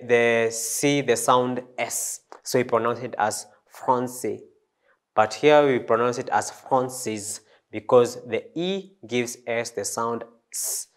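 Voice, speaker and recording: Slow, hesitant man teaching a lesson. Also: medium pitch. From East Africa. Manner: slow, hesitant, many fillers and restarts. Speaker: French teacher. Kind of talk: classroom lesson.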